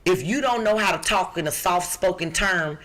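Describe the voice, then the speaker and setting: A middle-aged woman from the Midwest with a rough-edged voice, co-hosting a podcast and reading out job listings in a brassy, emphatic, joking way. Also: lowish voice, moderate pace, a bit bright, slight background noise. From Chicago. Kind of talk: lively podcast chat.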